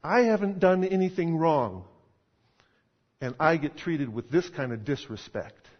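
A man's voice: a little high, a little slow. A man voicing an aggrieved, self-righteous old king who insists he did nothing wrong. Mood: indignant. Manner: indignant, insistent complaining. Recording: dull sound in a reverberant hall.

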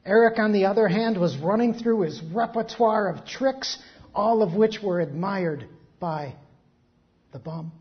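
A pastor preaching, reading a story slowly and then breaking into quick, joking asides. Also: mid-range voice. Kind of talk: sermon with a story read aloud. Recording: dull lo-fi recording.

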